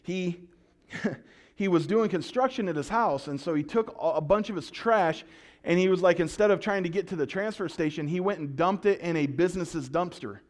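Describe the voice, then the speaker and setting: A man's voice: high-pitched, normal speed. A male pastor preaching a sermon, telling stories with jokes and acted-out quotes. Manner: storytelling, animated and joking, with acted-out quotes.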